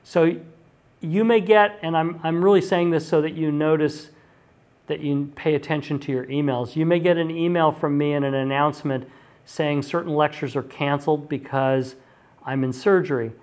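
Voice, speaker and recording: A man's voice: a little high, fairly even intonation, moderate pace, a little mellow. Man lecturing casually, many ums. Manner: chatty, frequent ums, restarts sentences. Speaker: university lecturer. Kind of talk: recorded online lecture.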